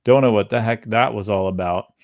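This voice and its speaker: A man's voice: lowish voice, fairly quick, a little mellow, no room sound, clean studio sound. Chatty man talking through stock charts. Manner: casual, chatty, thinks aloud while reading charts. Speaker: options trading webinar host. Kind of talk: live market commentary.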